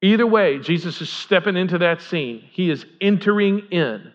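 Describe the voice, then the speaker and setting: A man's voice: high-pitched, expressive, normal speed. A man preaching as pastor in a conversational way, asking the congregation questions as he retells a story. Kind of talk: sermon. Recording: dull lo-fi sound.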